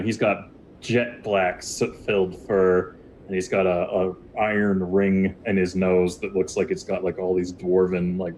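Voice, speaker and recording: A man's voice: deep voice, a little mellow, a little hiss or hum. A man narrating a tabletop game as game master, rambling with many fillers and restarts.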